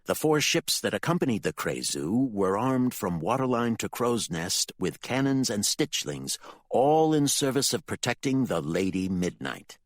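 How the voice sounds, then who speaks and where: A man narrating a dark fantasy audiobook with expressive, dramatic storytelling. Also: lowish voice, a little slow, dry recording, clean studio sound.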